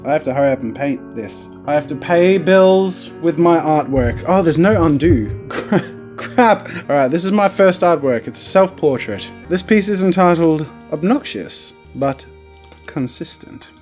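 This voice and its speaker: Young aussie guy streaming a game, jokey and excitable, voice bouncing up high. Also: normal speed, soft background music. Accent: Australian. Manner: excitable, joking, loud outbursts. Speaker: streamer and artist. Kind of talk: live-streamed let's play.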